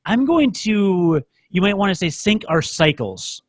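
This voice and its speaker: An American man co-hosts a podcast, rambling through casual chat and cracking jokes at his own expense. His voice sits high and is very animated, though a little slow. The studio recording is clean with no echo.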